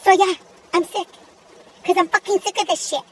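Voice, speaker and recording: A young woman voicing a sassy, foul-mouthed young woman in an animated gacha video, ranting in an exasperated, profane way. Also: extremely high pitch, moderate pace, far from the mic, a little hiss or hum. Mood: irritated. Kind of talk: comedic rant monologue.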